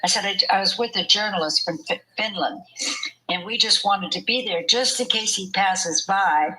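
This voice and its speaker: Chatty older woman, bright voice. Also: mid-range voice, moderate pace, rough recording. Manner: chatty, laughs often while telling her story. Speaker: interview guest. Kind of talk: conversational storytelling.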